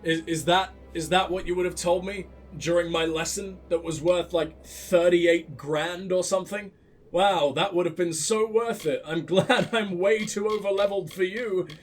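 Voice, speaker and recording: High-pitched sarcastic gaming host. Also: male voice, moderate pace, faint music behind. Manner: sarcastic, profane and animated. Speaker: let's play host. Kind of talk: casual gameplay commentary.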